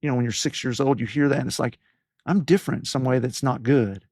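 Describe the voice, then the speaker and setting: Man, 50s, softened Southern accent, earnest storyteller, dry close sound. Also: medium pitch, steady tone, fast, breathy edge, dry recording. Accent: softened East Tennessee Southern. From East Tennessee. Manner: earnest storytelling, acts out quoted voices. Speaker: podcast host as guest. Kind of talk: reflective interview talk.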